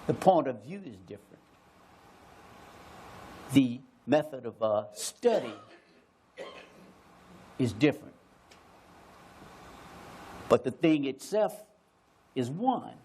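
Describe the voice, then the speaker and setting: Man, american, slow deliberate delivery, musing, repeats himself, faint background hiss. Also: medium pitch, very animated, warm tone. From United States. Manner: musing, repeats phrases, many hesitations. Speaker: panelist. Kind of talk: slow reflective panel talk.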